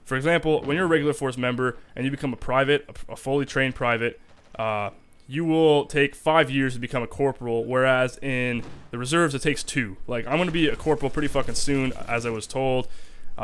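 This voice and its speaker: A young man rants casually to camera, cursing constantly and piling on emphasis. His voice is smooth and resonant, sitting at an everyday middle pitch. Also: fairly bright tone. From Canada. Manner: profane, rambling, emphatic. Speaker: army reservist vlogger. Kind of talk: casual vlog rant.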